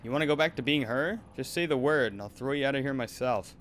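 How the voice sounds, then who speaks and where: A man's voice: mid-range voice, fast, a bit bright, slight background noise, lightly acted. A man voicing an abusive, bullying male talent manager in a game, berating and menacing in turn. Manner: berating, menacing, then wheedling.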